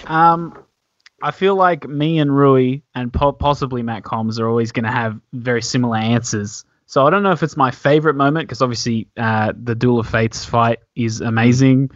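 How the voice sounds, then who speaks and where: A man in a casual podcast chat, animated and joking, swearing casually. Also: medium pitch, moderate pace, dry recording. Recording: dull, lo-fi, dry sound.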